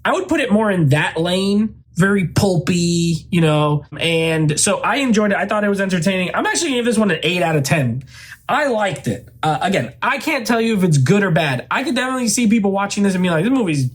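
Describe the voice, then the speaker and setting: A man with a notably high-pitched speaking voice talks through a film review in an easygoing, unscripted way. He rambles, restarts sentences and leans on fillers like "like" and "you know.". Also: lively intonation, a little fast. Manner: rambling, loose, heavy on "like" and "uh" fillers. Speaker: movie reviewer, channel host. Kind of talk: casual spoken film review.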